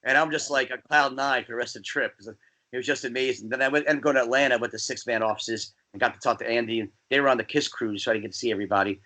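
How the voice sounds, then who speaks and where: Fast, bright-voiced man telling rambling stories. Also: mid-range voice. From New Jersey. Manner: rambling storyteller, animated. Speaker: guest DJ. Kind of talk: casual podcast chat.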